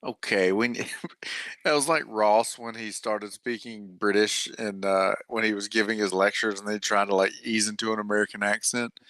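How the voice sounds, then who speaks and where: A man's voice: on the low side, fairly even intonation, normal speed, a bit bright, dry recording. A man co-hosting a podcast, making wry, chatty comments in casual conversation. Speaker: podcast co-host. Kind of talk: casual chat.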